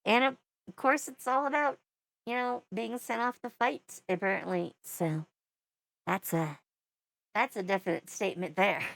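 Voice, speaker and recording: A woman's voice: medium pitch, fairly even intonation, unhurried, vocal fry, fairly bright tone, no echo. A woman in her forties giving casual reaction commentary as a VTuber, with wry, rambling asides.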